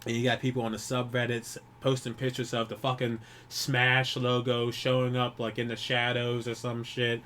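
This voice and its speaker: A man grieving while talking alone to the camera, rambling and swearing often, with many restarts and pauses. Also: medium pitch, completely flat delivery, a bit bright, slight background noise. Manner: profane, rambling, frequent restarts. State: grieving, holding back tears. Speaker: YouTuber. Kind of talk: personal vlog monologue.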